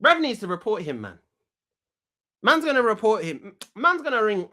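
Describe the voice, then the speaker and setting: A man's voice: high-pitched, very animated, moderate pace, long pauses, pushed and bright. A man hosting a comedic talk show sketch, brash and full of slang, rambling and repeating himself.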